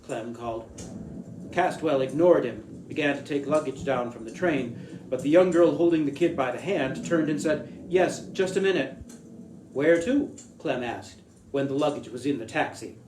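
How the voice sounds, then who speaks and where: A man reading a short story aloud as storyteller, in a measured, deliberate way. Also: mid-range voice, darkish tone. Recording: echoey room with faint hiss.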